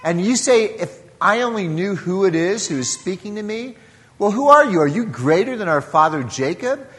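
A man's voice: high voice, animated, moderate pace, fairly bright tone, in a large hall, pitched above the performer's own voice. A man voicing a blunt Samaritan woman who challenges what she hears, in his own voice as he retells a scripture story. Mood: incredulous. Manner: incredulous, challenging questions.

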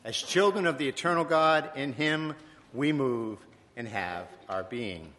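A man from Virginia preaching a sermon in a church, reflective and conversational, with pauses and self-corrections. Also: medium pitch, sharp tone. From Virginia, USA. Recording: long echoing church reverb.

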